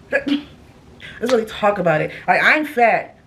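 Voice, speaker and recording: A young woman telling a story on her vlog in a loud, brash, profane and animated casual manner. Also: mid-range voice, slow, slight background noise. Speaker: storytime vlogger.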